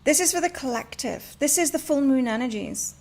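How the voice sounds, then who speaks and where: A woman's voice: high voice, animated, fairly quick, darkish tone. A woman reading tarot and oracle cards on a live stream from her home, chatting and rambling as she gives spiritual advice. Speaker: tarot and oracle card reader.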